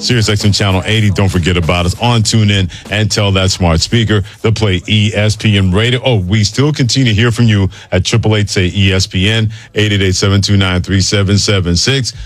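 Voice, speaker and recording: A man hosting a sports talk radio show, talking conversationally and reading promos briskly. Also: on the low side, steady tone, soft background music. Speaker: radio host. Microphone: studio mic.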